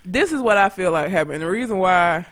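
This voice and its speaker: Lively, animated woman telling a story. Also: on the low side, fairly quick. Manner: animated, profane, laughs often. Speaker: podcast co-host. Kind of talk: casual chat, storytelling.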